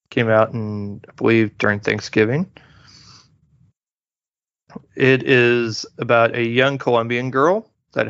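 A man's voice: mid-range voice, dry recording. A man hosting a podcast, chatting casually through a movie review with many fillers and restarts. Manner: relaxed, rambling, lots of fillers and restarts. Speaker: podcast host. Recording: dull lo-fi dry recording.

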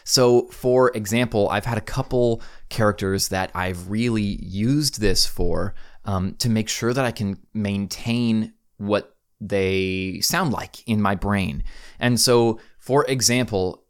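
Chatty low-voiced man hosting a podcast. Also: slow pace, smooth. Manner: earnest, chatty, many fillers and self-corrections. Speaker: podcast host. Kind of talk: casual podcast talk.

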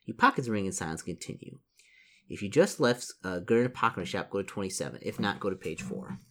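A man's voice: on the low side, expressive, fast. A man casually reading a solo gamebook aloud, stumbling over and correcting words and adding chatty asides. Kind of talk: casual gamebook read-through.

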